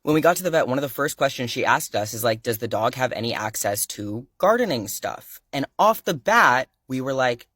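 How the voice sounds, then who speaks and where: A man's voice: mid-range voice, moderate pace, hardly any pauses, no echo. Young guy, casual storytime, lots of "like", dry close phone sound. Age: young adult. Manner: rambling, heavy use of "like", excitable retelling. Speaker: pet owner telling a story.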